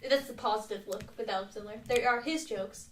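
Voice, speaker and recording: A woman's voice: medium pitch, fairly quick, a bit bright, distant mic. A woman co-hosting a podcast, joking wryly in casual chat. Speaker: podcast co-host. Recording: echoey room, off-mic, faint noise.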